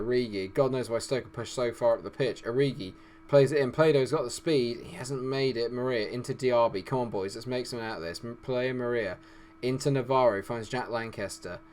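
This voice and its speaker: Hoarse male gaming commentator, moody and excitable. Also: mid-range voice. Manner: swings from glum muttering to shouting outbursts. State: hoarse, losing his voice. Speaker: gaming YouTuber. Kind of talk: excited live game commentary.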